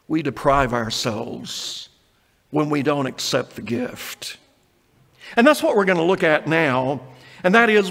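Male pastor, high voice, earnest sermon with scripture reading, reverberant church. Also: creaky, a bit bright. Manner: earnest preaching, reads scripture aloud, acts out quotes.

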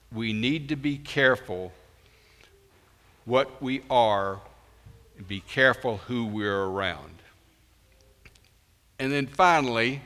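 A man preaching a sermon in a church, slow and emphatic, with sudden loud rises on key words. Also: mid-range voice. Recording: long reverb in a large hall.

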